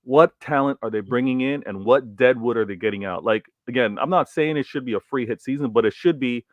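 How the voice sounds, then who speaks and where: A man of middle pitch co-hosts a casual football podcast, speaking in a measured, hesitant way and trying out ideas as he goes. The mic is close and dry. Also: dry recording, lo-fi sound. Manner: measured, hesitant, thinks aloud with fillers. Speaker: co-host, not a United fan.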